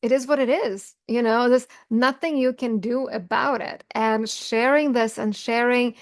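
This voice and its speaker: A middle-aged woman coach talks casually and earnestly to her viewers, smiling through a heavy subject. Her voice sits a little high. The sound is plain video call audio. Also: fairly even intonation, unhurried. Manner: earnest, warm-hearted, smiling while talking about grief. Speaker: self-help coach. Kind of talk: casual talk to camera. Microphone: video call recording.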